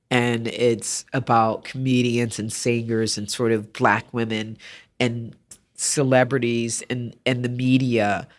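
A woman artist, a podcast guest, telling stories in conversation and acting out the voices of people she quotes. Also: extremely low pitch. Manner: animated storyteller, acts out quoted voices. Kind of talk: interview conversation.

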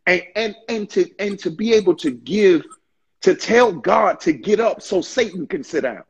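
A man in a casual faith discussion, talking in an impassioned, preachy way with stammering restarts and a husky voice. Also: high-pitched, lively intonation, moderate pace.

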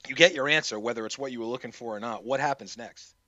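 A man chatting casually as a guest on a podcast, animated and quick to laugh, swearing freely. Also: medium pitch, no echo, highs cut off. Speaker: guest prank caller.

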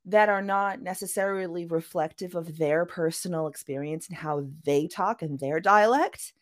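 A woman author, guesting on a podcast, speaks in a lowish voice at a moderate pace. She chats casually and acts out little quoted voices to explain her point.

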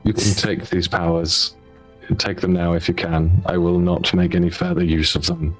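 A man's voice: low voice, flat delivery, moderate pace, soft background music. A man voicing a tired, dignified adventurer in a tabletop game who speaks with formal, archaic phrasing.

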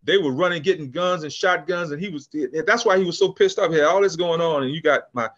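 A man's voice: fairly high pitch, quick pace, muffled recording. A man in his sixties, a business founder from California, telling a story in a casual interview and acting out the people in it. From California, USA. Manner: animated storyteller, acts out quotes, frequent restarts. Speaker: podcast guest, business founder.

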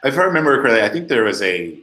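A man co-hosting a podcast, telling stories in an animated way with many restarts. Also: mid-range voice, very fast. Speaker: podcast co-host. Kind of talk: casual chat. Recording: echoey room.

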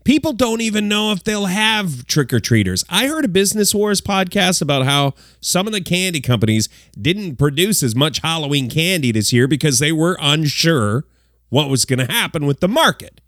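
A man hosts a comedic news countdown. His voice sits a little high and swings widely as he throws in exaggerated asides. The studio sound is close and dry. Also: normal speed, no room sound. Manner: animated, jokey, exaggerated asides. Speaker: host of a countdown segment.

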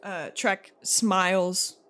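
A woman's voice: on the low side, steady tone, drawn-out words, fairly bright tone. Woman game master narrating casually. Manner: casual, laughing often. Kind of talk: narrating a tabletop role-playing game.

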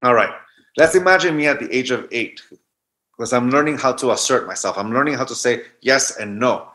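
A man's voice: medium pitch, fairly quick, bright, forceful tone. A man in his forties, a guest telling a reflective personal story and often restarting mid-thought. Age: 40s. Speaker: guest speaker.

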